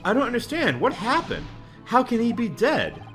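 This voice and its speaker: A man's voice: fairly high pitch, huge pitch swings, moderate pace, a bit bright, faint music behind, voice pushed up. A man voicing a polite, earnest young lawyer who gets flustered and anxious. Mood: shocked.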